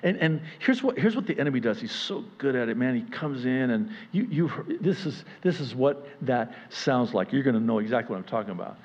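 A man preaching a sermon in an animated way, acting out voices and joking about himself. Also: medium pitch, fairly quick, few pauses, highs cut off. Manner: animated, acts out voices, self-deprecating jokes. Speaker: pastor.

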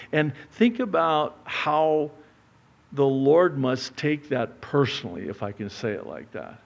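A man preaching a sermon, swinging from loud urgent appeals to hushed asides and acting out little dialogues, with frequent casual fillers. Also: mid-range voice, very animated, a little slow, creaky, dull audio. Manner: conversational asides with many fillers. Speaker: pastor.

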